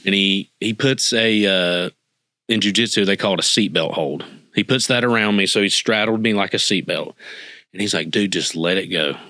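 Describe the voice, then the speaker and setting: A man's voice: fairly low pitch, normal speed, sharp tone, dry recording. A man telling an emotional personal story as a podcast guest, earnestly acting out what people said to him. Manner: earnest, emotional, acts out quoted dialogue.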